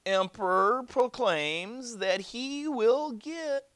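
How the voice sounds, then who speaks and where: A man voicing a pompous male royal messenger who proclaims slowly and loudly in a storybook read-aloud. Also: very high voice, lively intonation, clear, resonant tone, dry recording, clean studio sound, pitched above the performer's own voice, exaggerated voice. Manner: slow, loud, proclaiming.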